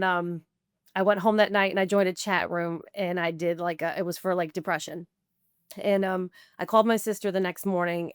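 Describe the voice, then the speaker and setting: Low, smooth-voiced woman telling her story. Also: no echo, clean studio sound. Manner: conversational, full of "like" and quoted self-talk. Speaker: podcast guest. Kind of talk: candid personal recovery story.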